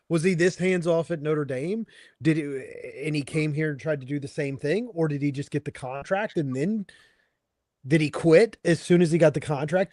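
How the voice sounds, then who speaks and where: A man's voice: a little high, a little mellow, no echo. Incredulous man, dry close sound. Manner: incredulous rapid-fire questioning. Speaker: podcast co-host. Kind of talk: casual sports talk.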